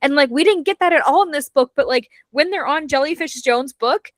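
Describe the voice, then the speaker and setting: Female co-host, higher-pitched, casual and profane, with quick quippy asides. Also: no echo. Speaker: podcast co-host. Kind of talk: casual book club chat.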